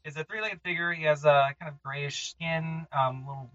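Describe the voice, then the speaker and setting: A man narrating as game master for a tabletop game, relaxed and halting, with lots of fillers. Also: a little high. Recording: muffled lo-fi recording.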